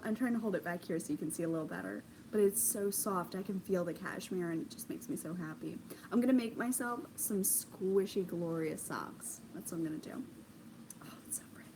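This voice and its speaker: A young woman hosting a knitting video podcast at home, chatting casually, gushing with excitement and filling pauses with ums. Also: medium pitch, noisy background. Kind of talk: casual chat. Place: home craft corner, indoors.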